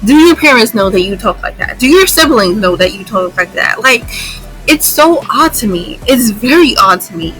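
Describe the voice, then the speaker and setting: A young woman vents to her viewers in an exasperated vlog rant, often saying a line twice for emphasis. Her voice sits fairly high and sounds bright and sharp, with soft music playing faintly behind her. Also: expressive, moderate pace, low-quality recording. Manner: exasperated, repeats lines for emphasis. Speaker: YouTuber.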